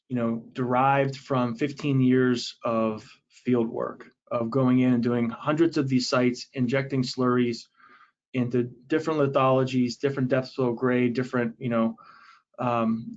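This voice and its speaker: A man presenting a technical webinar, explaining in a casual way with frequent fillers and restarts. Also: medium pitch. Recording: dull, lo-fi audio.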